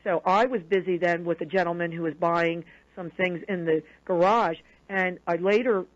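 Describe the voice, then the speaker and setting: A woman guest on a radio show, telling a personal story in an animated way and acting out the quoted dialogue. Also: fairly low pitch, normal speed. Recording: dull lo-fi radio broadcast audio.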